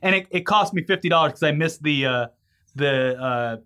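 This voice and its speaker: A man's voice: fairly high pitch, moderate pace, bright, forceful tone, clean tone. A man co-hosting a casual news chat, rambling and laughing easily as he reads out stories. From California. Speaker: podcast co-host.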